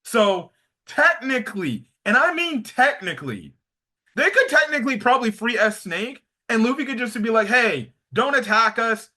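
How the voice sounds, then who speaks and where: A young man giving a casual anime episode review, excitable, slangy and rambling. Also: very high-pitched, moderate pace.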